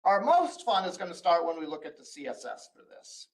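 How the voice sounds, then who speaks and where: A man with a fairly high voice gives a recorded college lecture. He explains each line of code patiently, pausing on "uh" and restarting his phrases as he goes. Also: sing-song, low-quality recording. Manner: explains step by step, frequent "uh" and restarts. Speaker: college instructor. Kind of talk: recorded screen-share lecture.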